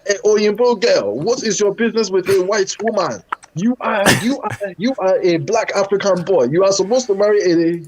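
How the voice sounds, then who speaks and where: A woman's voice: medium pitch, normal speed, darkish tone, pitched above the performer's own voice, lightly acted, low-quality recording. A man imitating his strict middle-aged Nigerian mother in a Nigerian accent, scolding and indignant. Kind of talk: comic impression in casual chat.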